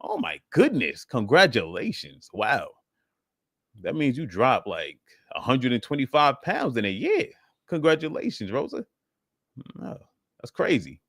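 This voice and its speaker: A man's voice: mid-range voice, huge pitch swings, unhurried, fairly bright tone, no room sound, clean studio sound. A man hosting a live fitness Q and A, talking casually and filling his speech with "you know what I'm saying". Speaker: fitness host answering live questions. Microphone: livestream setup.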